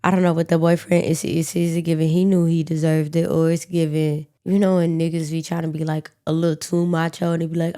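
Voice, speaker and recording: A woman's voice: sits low, little pitch movement, a little fast, few pauses, warm tone, clean tone. A woman co-hosting a podcast, telling a true-crime story in a casual, slangy, profane way with joking asides. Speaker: podcast co-host.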